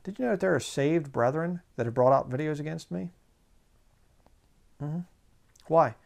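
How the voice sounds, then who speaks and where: Gravelly-voiced man preaching a sermon. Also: a little high, darkish tone. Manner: conversational preaching, reading scripture slowly.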